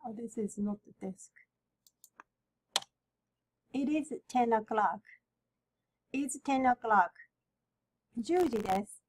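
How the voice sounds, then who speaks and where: A woman with a Japanese accent, a native Japanese speaker, teaching a beginner language lesson and repeating each word slowly and carefully. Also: on the high side, a little hiss or hum, poor audio. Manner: slow and careful, repeating words for the learner.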